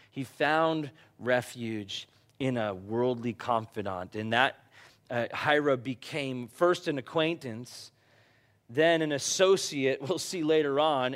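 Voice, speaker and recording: A middle-aged man preaching a conversational sermon, growing animated as he tells personal stories. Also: fairly high pitch. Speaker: pastor.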